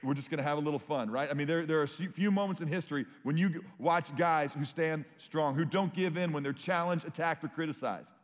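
A man's voice: fairly high pitch, brisk, hardly any pauses, in a large hall. A man preaching a sermon, telling stories with rising emphasis. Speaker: pastor.

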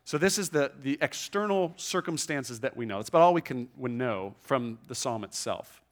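Male pastor, mid-pitched, earnest and conversational sermon delivery, with slow, soft scripture readings. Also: lively intonation. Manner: earnest, conversational, frequent restarts and "right?" tags; reads scripture slowly and softly. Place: church room with a congregation.

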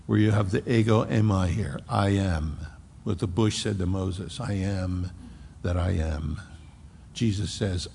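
A man with a gravelly, fry-edged voice preaches a sermon, pressing his points hard and then dropping to a hushed tone. He unpacks scripture with everyday asides. His voice carries a long reverb from a large sanctuary. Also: lowish voice. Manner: emphatic preaching, swings from raised to hushed delivery; explains scripture with homely asides. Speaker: pastor. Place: church sanctuary.

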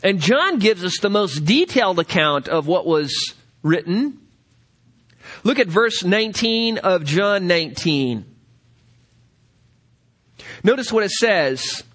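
High, animated man teaching scripture. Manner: reads scripture aloud slowly with emphasis; directs listeners to turn to passages. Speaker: Bible teacher. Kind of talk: Bible study lecture.

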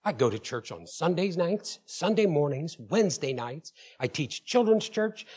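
A man's voice: fairly high pitch, sing-song, unhurried, few pauses, a little mellow, slightly rough. A man preaching a sermon as pastor. He tells personal stories with emphatic call-outs to the congregation and often stammers and repeats words.

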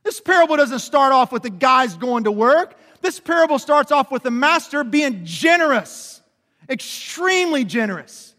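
A man preaching a sermon as pastor, animated and questioning, calling on the congregation to answer back. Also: very high-pitched, moderate pace, in a large hall. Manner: animated preaching, drops to quiet emphasis and rises to shouts; asks the congregation questions and calls for responses.

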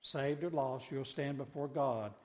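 A pastor preaching a sermon, swinging between quiet conversational asides and loud, emphatic cries. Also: male voice, medium pitch, unhurried, in a large hall.

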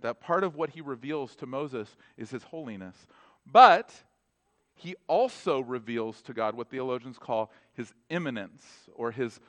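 A man delivers a sermon in an easygoing, conversational way. His voice sits somewhat high, and he slips into animated quoted dialogue. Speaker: preacher.

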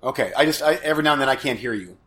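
A man's voice: medium pitch, expressive, racing, fairly bright tone. A man co-hosting a casual movie-review podcast over a video call, laid-back and chatty, laughing often. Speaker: podcast co-host.

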